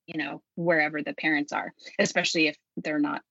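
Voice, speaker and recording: Lower-voiced woman on muffled dry audio. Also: flat delivery, fairly quick, gravelly, sharp tone, no echo. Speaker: parenting guest expert. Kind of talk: casual conversation.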